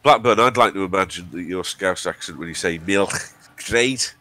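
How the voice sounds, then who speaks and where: A man from England who has a cold co-hosts a live stream, trading casual, chatty banter full of jokey asides. His voice is low, pushed and bright, at a normal speed.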